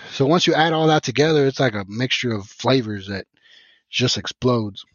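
A man's voice: medium pitch, moderate pace, dry recording. Profane Mexican-born man, lo-fi sound. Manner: profane, rambling, animated retelling with many restarts. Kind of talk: casual storytelling. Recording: dull lo-fi podcast audio.

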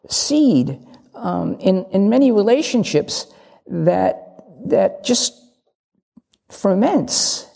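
A woman's voice: medium pitch, vocal fry, mellow. An older woman giving a candid, humorous dharma talk as a lay Zen teacher, acting out little dialogues. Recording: long reverb of a large hall.

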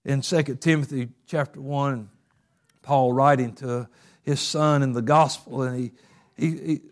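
A male pastor preaching a sermon, talking casually and then building up to fervent, shouted stretches. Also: medium pitch.

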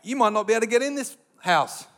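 An Australian man preaching a sermon with passion, building to loud, emphatic bursts. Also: very high-pitched, animated, fast.

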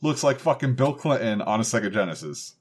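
A man's voice: mid-range voice, lively intonation, brisk, husky. A man in a casual podcast chat, bluntly swearing and recounting trivia. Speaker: podcast co-host.

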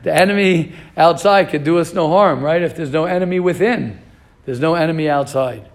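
A rabbi teaching an informal Torah class, animated and questioning his students, mixing in Hebrew terms. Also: a little high, moderate pace.

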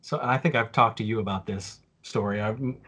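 A man's voice: lowish voice, brisk, pushed and bright, husky. A man in his forties on a casual podcast, telling a story with lots of fillers and restarts. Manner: rambling, with many fillers and restarts.

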